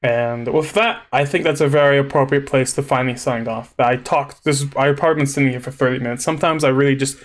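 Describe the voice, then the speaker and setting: A man's voice: mid-range voice, steady tone, quick pace, hardly any pauses. A young man, a vtuber, rambling casually and self-consciously at his computer mic, stammering through restarts and turning emotional as he thanks viewers. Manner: laughs nervously, grows emotional. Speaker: vtuber gaming streamer.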